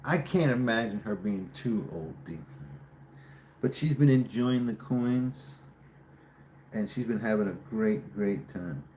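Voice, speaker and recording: A man hosting a livestream, chatting casually with viewers, teasing them and guessing their names out loud. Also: lowish voice, animated, measured pace, a little hiss or hum. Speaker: livestream host. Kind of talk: casual live-stream chat with viewers.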